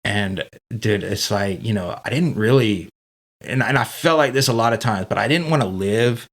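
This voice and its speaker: Brief Male podcast guest, lowish voice, loose profane storytelling, lots of "dude" and "like". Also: normal speed. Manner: candid and profane, heavy with fillers like dude and man. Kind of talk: casual storytelling.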